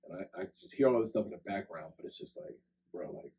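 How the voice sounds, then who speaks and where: A man's voice: low voice, animated, fast, mellow, rough recording. A young man telling a long personal story on a podcast, in a loose conversational way full of "like" and "right?". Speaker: podcast co-host. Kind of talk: casual storytelling chat. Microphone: podcast microphone.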